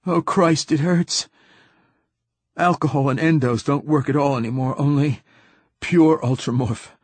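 A man's voice: medium pitch, expressive, takes it slowly, a little mellow, husky, no echo, pitched above the performer's own voice. A man voicing a male priest in agonizing pain, gasping and begging in an audiobook reading. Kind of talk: audiobook character voice.

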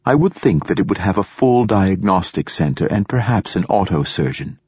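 A man voicing a calm, precise male android companion in an audiobook. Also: low-pitched, normal speed, husky, dry recording, studio quality, exaggerated voice.

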